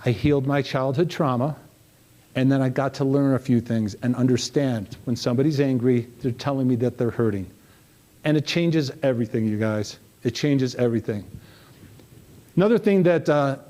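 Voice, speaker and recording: A middle-aged man giving a live motivational keynote, telling stories animatedly and asking the audience questions. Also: on the high side. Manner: animated storytelling, asks the crowd questions. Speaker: motivational speaker.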